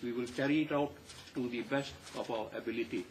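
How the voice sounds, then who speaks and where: An older man with a Malaysian English accent, giving a measured, emphatic statement to the press and repeating his key points. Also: mid-range voice, slight background noise, rough recording. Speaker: panel member addressing the press.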